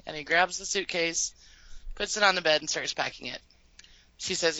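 A woman's voice: low voice, moderate pace, sharp tone, no echo, lo-fi sound. A woman co-hosting a podcast, reading a scene-by-scene recap from her notes and laughing often between lines. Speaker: podcast co-host.

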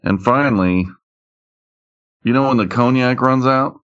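A man's voice: mid-range voice, unhurried, fairly bright tone, clear, resonant tone. A man hosting a casual podcast, playfully introducing his co-hosts. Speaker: podcast host. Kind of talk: casual chat. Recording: dull lo-fi audio.

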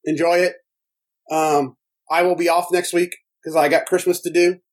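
A man co-hosting a podcast in casual chat, rambling and excitable, laughing often. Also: on the high side, moderate pace. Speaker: podcast co-host.

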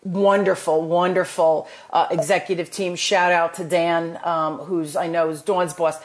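A woman's voice: lowish voice, level tone, a little slow. A woman with a New Jersey accent, hosting a podcast and giving enthusiastic, motivational talk full of restarts. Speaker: podcast host. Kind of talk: casual chat.

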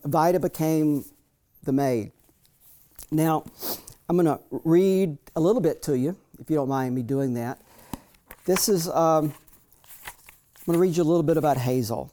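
Man, 50s, mellow warm voice, folksy storyteller with loose restarts. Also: a little high, normal speed. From Southern US. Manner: folksy, frank, frequent restarts. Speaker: speaker reading from his memoir. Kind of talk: storytelling talk.

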